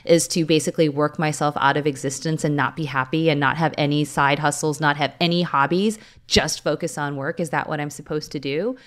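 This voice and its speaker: A woman with a slightly low voice tells her story in a chatty, animated way. She keeps reaching for fillers as she goes. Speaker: lawyer and content creator. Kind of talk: interview storytelling.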